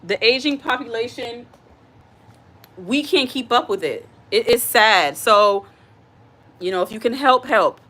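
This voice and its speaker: A woman's voice: on the high side, lively intonation, a little slow, pauses often, a bit bright. A woman hosting a casual live stream from her home kitchen. She chats straight to her viewers, reads their comments aloud, and repeats her points with earnest feeling. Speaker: livestream host. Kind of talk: casual live-stream chat while cooking.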